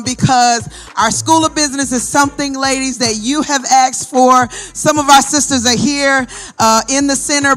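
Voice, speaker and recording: A woman hosting a women's ministry event at a church, talking to the audience in an excited, chatty way. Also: sits high. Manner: excited, chatty, laughs often, addresses audience directly. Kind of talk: hyped live event hosting.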